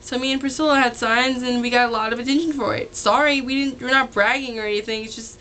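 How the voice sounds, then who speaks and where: Chatty high-voiced teen girl. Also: fairly even intonation, fast, pushed and bright. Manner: chatty, full of "like" and quoted voices. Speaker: vlogger. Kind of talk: casual storytelling.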